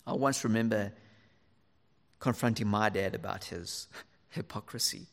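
A man preaching a sermon to fathers, earnest and lively, sometimes dropping almost to a whisper for emphasis. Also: on the low side, a little slow, gravelly, long reverb tail.

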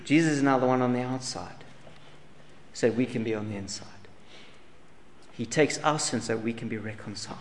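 An earnest male preacher of middle pitch presses repeated rhetorical questions on his listeners. He swings from loud emphasis to hushed lines. His voice carries a long hall reverb over a faint hiss. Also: moderate pace, long pauses. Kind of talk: sermon.

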